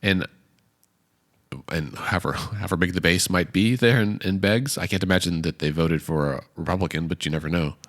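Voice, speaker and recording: A man's voice: deep voice, fairly quick, a bit bright. A man co-hosting a podcast who chats casually about politics and thinks aloud in long, winding sentences while he has the hiccups. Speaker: podcast co-host.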